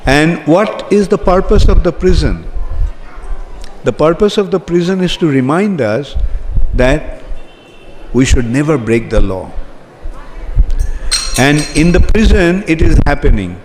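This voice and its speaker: A man's voice: on the high side, a little hiss or hum. A man giving a sermon as a spiritual teacher, asking his audience questions as he speaks. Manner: slow, asks the audience questions. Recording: long reverb from a hall, faint ambience.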